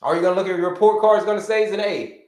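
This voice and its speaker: In a high-pitched, racing voice with a slightly mellow quality, an American health coach runs his livestream lesson. He brings plenty of energy, repeats what matters most, and welcomes viewers by name. The livestream setup leaves an echo from the room.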